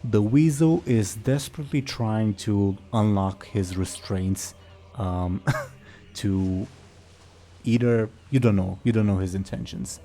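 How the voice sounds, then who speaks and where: A man's voice: on the low side, slow, warm tone, a little hiss or hum. A man narrating as game master of a tabletop role-play, in a loose, stop-start way.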